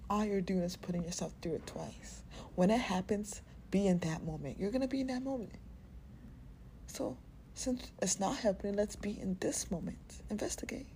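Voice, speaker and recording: A woman hosting a podcast, talking unscripted, candid and profane, often laughing and sometimes dropping into a soft half-whisper. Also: medium pitch, normal speed, slight background noise. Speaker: podcast host.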